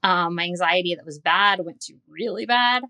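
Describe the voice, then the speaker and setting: A woman's voice: fairly low pitch, moderate pace, pushed and bright. A woman in her forties, a dietitian, telling her personal story candidly and earnestly in an interview. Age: 40s. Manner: candid and earnest, recounting with quoted dialogue. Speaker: dietitian and guest.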